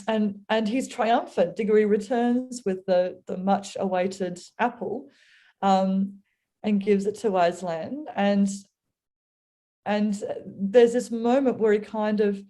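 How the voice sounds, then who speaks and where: Woman guest, warm mellow tone, earnest storyteller sharing a reflection on faith. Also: mid-range voice, steady tone, unhurried. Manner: earnest, storytelling, acts out voices. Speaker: guest speaker.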